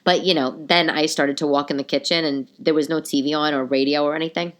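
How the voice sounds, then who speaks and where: A middle-aged woman with a low voice talks fast in a steady tone on her own podcast, a bit nasal from a cold. She chats casually on her own, telling rambling stories packed with asides.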